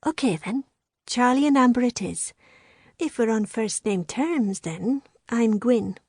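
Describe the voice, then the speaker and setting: A woman's voice: fairly high pitch, expressive, measured pace, darkish tone, dry recording, clean studio sound. A woman voicing a kindly female medic with a Scottish accent, speaking in a soothing, motherly way. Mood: gentle.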